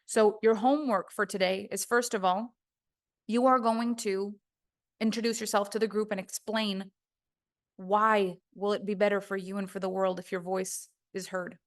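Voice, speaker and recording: A woman's voice: medium pitch, little pitch movement, normal speed. A woman voice coach giving a recorded course lesson, talking emphatically and acting out quoted voices.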